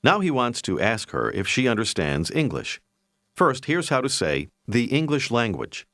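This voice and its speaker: A man narrating a recorded language course, giving clear, measured instructions and prompts to repeat. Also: mid-range voice, big pitch swings, fairly bright tone, no echo, studio quality. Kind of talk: scripted language-lesson instruction.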